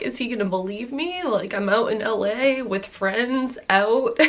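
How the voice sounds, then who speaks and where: Gravelly-voiced woman telling a candid story. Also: fairly high pitch. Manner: rambling, many "like"s, swears, nervous laughs. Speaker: vlogger.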